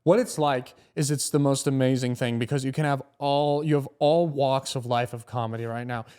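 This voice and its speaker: A young man, a stand-up comedian, telling casual, animated stories and swearing freely. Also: mid-range voice, moderate pace, clear, resonant tone. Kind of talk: casual storytelling.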